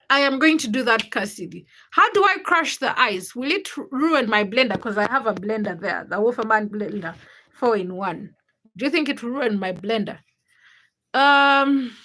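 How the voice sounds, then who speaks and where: A woman's voice: mid-range voice, bright, forceful tone. A young woman with a Ugandan English accent, hosting a casual livestream and greeting viewers by name as she reads the chat. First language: a Ugandan language. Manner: greets viewers by name one after another, chatty. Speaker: livestream host.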